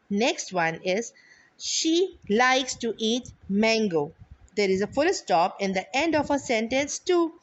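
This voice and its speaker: Slow, lively woman teaching children. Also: fairly high pitch. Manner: slow, sing-song teaching voice, addressing students. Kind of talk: children's grammar lesson. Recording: dull lo-fi recording.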